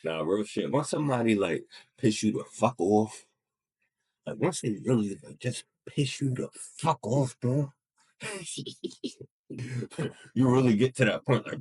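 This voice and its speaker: A man's voice: mid-range voice, very animated, takes it slowly, pauses often, slightly rough. A man giving casual, profane reaction commentary with blunt asides. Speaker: reaction streamer.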